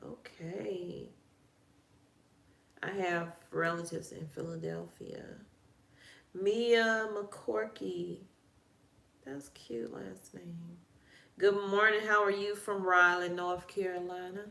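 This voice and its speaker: A woman's voice: fairly low pitch, fairly even intonation, slow, vocal fry, pauses often, sharp tone, roomy sound. A woman with a Southern country accent, hosting a casual live-stream and chatting with viewers as she greets them one by one. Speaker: livestream host.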